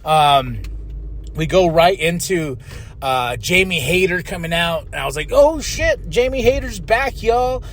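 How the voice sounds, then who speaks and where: A man hosting a podcast, giving a casual, excitable recap of a wrestling show and now and then shouting out the wrestlers' lines and chants. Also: on the high side, slight background noise. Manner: excitable, chatty, slips into loud impressions of the wrestlers. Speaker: podcast host.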